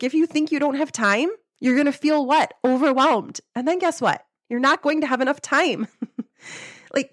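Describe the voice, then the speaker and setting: A woman's voice: high-pitched, dry recording, clean studio sound. A young woman host giving a casual motivational talk, upbeat and chatty, with lots of "like" and easy laughs. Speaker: podcast host and life coach.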